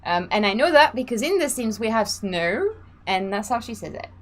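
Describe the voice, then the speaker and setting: A woman's voice: on the high side, sing-song, moderate pace. A woman hosting a casual live stream, chatting freely, laughing and reading out the chat. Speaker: streamer and sim racing host.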